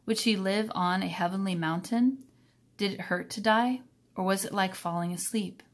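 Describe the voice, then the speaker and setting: A woman reading a children's novel aloud in a calm, even storytelling manner. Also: medium pitch, moderate pace. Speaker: reader.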